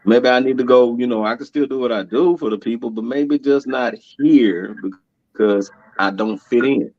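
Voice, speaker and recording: Man in animated casual talk, dull sound. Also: medium pitch, normal speed, no room sound. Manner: animated, laughing storyteller who acts out quotes. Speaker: podcast guest. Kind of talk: casual conversation.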